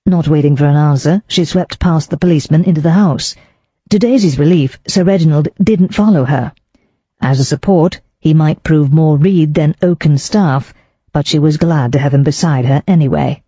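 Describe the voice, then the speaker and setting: An audiobook narrator reading a mystery novel in a measured, even way. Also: mid-range voice, no room sound, muffled recording. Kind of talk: scripted narration.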